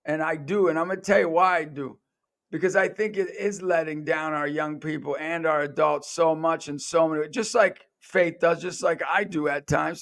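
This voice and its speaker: A man's voice: on the high side, creaky, fairly bright tone. A man hosting a podcast, telling personal stories in an earnest, conversational way and acting out the voices of the people he quotes. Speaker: podcast host.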